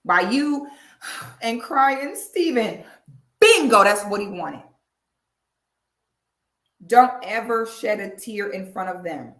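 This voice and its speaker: A woman's voice: medium pitch, lively intonation, slow pace, long pauses, a bit bright. A woman host giving blunt, slangy reaction commentary. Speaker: show host. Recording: echoey room.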